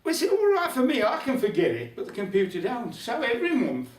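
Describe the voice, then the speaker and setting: Older Black Country male storyteller, wry and chatty; high, animated voice in a roomy hall, distant mic. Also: brisk. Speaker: folk club storyteller. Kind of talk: humorous storytelling to a live audience. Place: folk club room.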